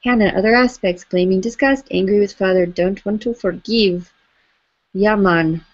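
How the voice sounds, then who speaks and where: Lady coaching a tapping circle, soft and steady, slightly dull lo-fi sound. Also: mid-range voice, moderate pace. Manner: gentle, coaching, repeats phrases for others to echo. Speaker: EFT tapping facilitator. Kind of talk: guided tapping session on a live stream.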